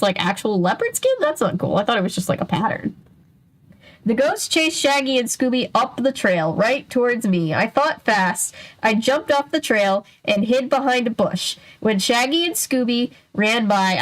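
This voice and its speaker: Chatty woman reading a kids' book aloud. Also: fairly high pitch. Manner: chatty, digressive, reads aloud then comments and answers chat. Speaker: streamer reading a children's mystery book. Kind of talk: casual read-aloud with chat.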